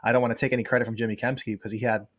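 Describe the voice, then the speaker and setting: Fast-talking man, dry close sound. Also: mid-range voice, little pitch movement, fairly bright tone, no room sound. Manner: quick, rambling with many fillers. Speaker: guest sports writer. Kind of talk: casual livestream chat.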